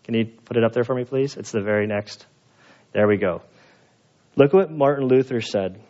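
A man preaching a sermon as pastor, telling stories in an animated way and acting out the voices of the people in them. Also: medium pitch, moderate pace, lo-fi sound. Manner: animated storyteller, acts out quoted voices. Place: church.

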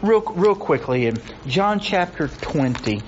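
Emphatic preacher man, slightly high voice. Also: expressive, measured pace, a little hiss or hum. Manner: rising intensity when reading scripture, emphatic repetition. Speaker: pastor. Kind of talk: sermon. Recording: dull lo-fi recording with faint ambience.

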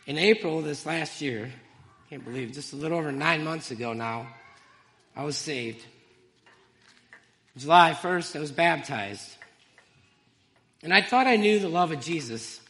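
A man giving an emotional, halting church testimony, with fillers and small laughs. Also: fairly high pitch, expressive, bright, forceful tone, in a large hall.

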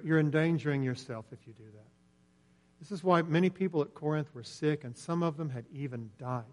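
A man preaching a sermon in earnest, swelling louder on key points and dropping nearly to a whisper. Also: fairly high pitch. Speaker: pastor.

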